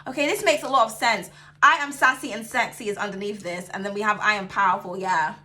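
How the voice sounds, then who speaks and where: A woman giving a casual tarot reading to camera, sassy and chatty, swearing freely and calling her viewers darling, swinging between excited outbursts and low soothing asides. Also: quick pace. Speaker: tarot reader.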